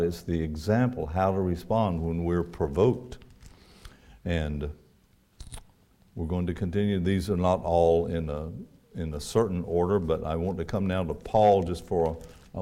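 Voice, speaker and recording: Low, mellow-voiced male preacher. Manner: earnest preaching, rhetorical questions, quoting scripture. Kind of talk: sermon.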